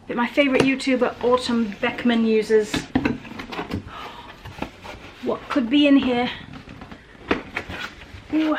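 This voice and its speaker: Chatty woman vlogger, slightly high voice. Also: a little hiss or hum. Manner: chatty, coos at her pets in a sing-song voice. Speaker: lifestyle vlogger. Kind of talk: casual home vlog chat. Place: at home.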